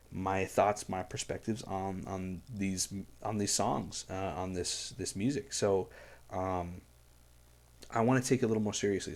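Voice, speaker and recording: A man's voice: lowish voice, a little mellow. Earnest rambling man reacting to music. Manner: earnest, rambling, many fillers and restarts. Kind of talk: casual reaction commentary.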